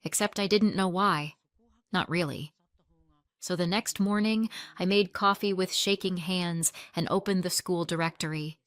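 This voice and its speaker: A woman narrating a first-person family drama in a quiet, measured and tense way. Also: fairly low pitch, no echo. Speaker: storyteller.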